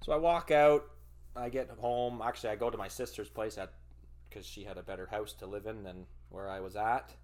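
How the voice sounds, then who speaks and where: A man hosting a podcast, telling a personal story in casual, profane, rambling speech. He fumbles for words and breaks into loud, animated bursts. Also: lowish voice, fairly quick. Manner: animated retelling with loud outbursts. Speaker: podcast host.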